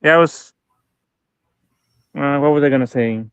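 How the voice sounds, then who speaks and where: A man chatting casually on a live stream, relaxed, explaining how to pronounce names. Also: a little high, moderate pace, clear, resonant tone, no echo. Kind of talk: casual chat. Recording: dull, dry lo-fi stream audio.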